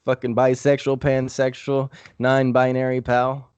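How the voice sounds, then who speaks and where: A man's voice: medium pitch, monotone, measured pace, a little mellow, clear, resonant tone, no echo. A young man telling a long story on a podcast in a casual, rambling way, swearing often. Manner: profane, rambling, laid-back. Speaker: podcast host.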